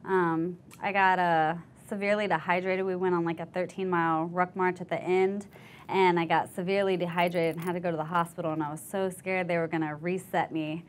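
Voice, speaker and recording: A young woman veteran telling her story in an oral history interview, candid and animated, acting out the voices of others. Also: on the low side, brisk, slight background noise. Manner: candid storytelling, acts out quoted voices, laughs easily.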